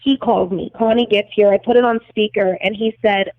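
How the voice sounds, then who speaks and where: A young adult woman recounts events in an emotional podcast interview, speaking fairly quickly in a mid-range voice with fairly even intonation. She is blunt and agitated and curses heavily. The audio is tinny and phone-like, with no echo.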